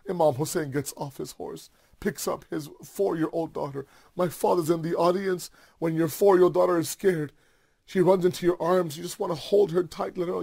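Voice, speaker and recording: A man's voice: on the high side, brisk, vocal fry, warm tone, breathy edge, no room sound. A man delivering a mourning sermon, narrating with impassioned, repetitive emphasis. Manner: impassioned, repetitive, builds to fervent cries. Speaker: preacher.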